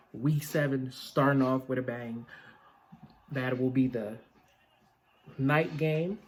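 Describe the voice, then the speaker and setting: A man's voice: medium pitch, fairly even intonation, takes it slowly, long pauses. A man hosting a casual sports picks vlog, blunt and opinionated, with plenty of filler words. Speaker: vlog host.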